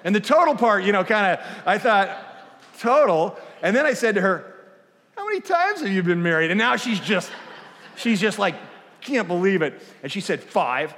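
A man giving a conversational guest sermon, animated and self-deprecating, acting out dialogue as he tells a story. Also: high voice, a little fast, in a large hall. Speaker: guest speaker. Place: church auditorium.

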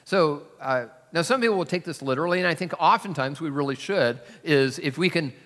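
Male pastor, sermon, conversational storytelling, self-deprecating, bright forward tone, long church reverb. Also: a little high, lively intonation, a little fast.

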